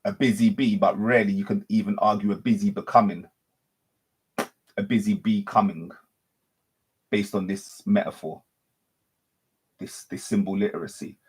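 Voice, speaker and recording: A man's voice: lowish voice, fairly even intonation, normal speed, pauses often, a little mellow, slightly rough. A man giving an unscripted spiritual monologue as a teacher, repeating and reworking his phrases and often correcting himself. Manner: repetitive, circling phrasing with frequent self-corrections.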